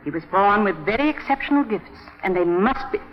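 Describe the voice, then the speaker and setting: Woman playing a scheming schoolteacher, sweetly flattering, animated delivery, old radio drama, lo-fi sound. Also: medium pitch, a little fast, close to an everyday voice. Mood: persuasive. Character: clever, scheming village schoolteacher woman, middle-aged. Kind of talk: 1950s radio drama acting. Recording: dull old 1950 radio broadcast.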